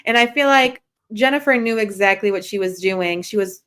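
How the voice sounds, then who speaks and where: A woman's voice: medium pitch, a bit bright, smooth. A woman guest on a podcast, chatting casually and agreeing readily with the host. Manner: agreeable, chimes in with quick affirmations. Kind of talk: casual chat.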